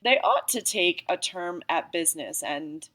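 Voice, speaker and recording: Sonorous, lecturing old gentleman, played by a woman, pompous in tone. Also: lowish voice, lively intonation, unhurried. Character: pompous older English gentleman.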